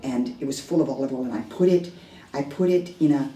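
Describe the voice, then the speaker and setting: A woman's voice: extremely low pitch, fairly quick, dark tone. A woman giving a dharma talk, telling a personal story in a candid, self-deprecating way, with hesitant restarts. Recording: echoey room heard from a distance.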